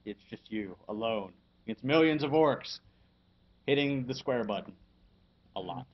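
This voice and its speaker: A man hosting a casual podcast and reviewing a video game. He talks in a halting way, with lots of fillers and frequent chuckles. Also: medium pitch, expressive, muffled recording.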